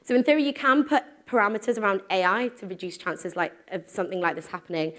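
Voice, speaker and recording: A woman's voice: mid-range voice, quick pace, fairly bright tone. A woman in her thirties giving a live conference talk to an audience, casual and self-deprecating, with frequent ums. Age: 30s. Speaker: conference speaker. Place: stage before a live audience.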